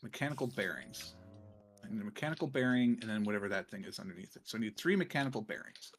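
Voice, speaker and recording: A man's voice: lowish voice, big pitch swings, quick pace, slight background noise. A man streaming a game, chatting casually and muttering to himself as he crafts items. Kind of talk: casual gameplay chat.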